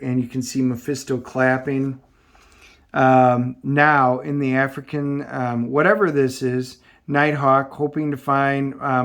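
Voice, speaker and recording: A man reviewing a comic book in a casual style. He recaps the story and reads the dialogue from the panels aloud in a loose, halting way. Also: mid-range voice, little pitch movement, a bit bright.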